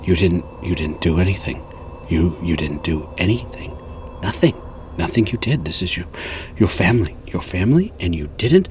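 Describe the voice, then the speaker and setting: A man's voice: low voice, lively intonation, noisy background, voice pushed down. A man voicing Lance, a guilt-ridden young man who stammers through apologies and pleas. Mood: self-reproach. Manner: halting, repeating himself, pleading.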